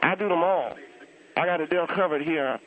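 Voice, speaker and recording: A man's voice: on the high side, brisk, close to an everyday voice. A man voicing a blunt, insulting old churchgoing aunt who grumbles crudely, heard over a phone line. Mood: boastful, scornful. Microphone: telephone.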